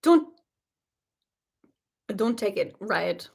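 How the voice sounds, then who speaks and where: A woman hosting a casual reaction vlog, talking straight to her viewers in an animated, indignant way. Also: medium pitch, very slow, vocal fry, slightly rough. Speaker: show reaction host.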